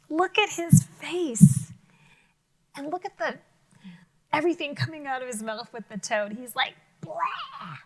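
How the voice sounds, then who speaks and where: A woman teacher reading a picture book aloud to children, expressive and full of questions to her listeners, sometimes dropping to a whisper. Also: high voice, low-quality recording. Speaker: elementary school teacher.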